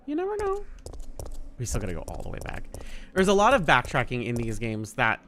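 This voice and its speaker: A man's voice: mid-range voice, sing-song, fast, sharp tone, a little hiss or hum. A man streaming a video game, joking, swearing and laughing often as he comments. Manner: jokey, laughs a lot, swears, voice jumps around. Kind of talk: casual gameplay commentary.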